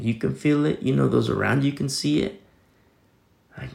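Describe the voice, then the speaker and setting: A man's voice: mid-range voice, moderate pace, creaky, pauses often, darkish tone, reverberant. A man preaching a sermon in a casual, conversational way, reading scripture and explaining it with everyday fillers. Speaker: pastor.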